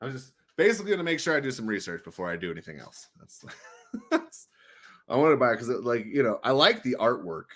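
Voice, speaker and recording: A man hosting a casual livestream, rambling, laughing often, swearing and breaking into loud high bursts. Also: very animated, fast. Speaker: livestream host.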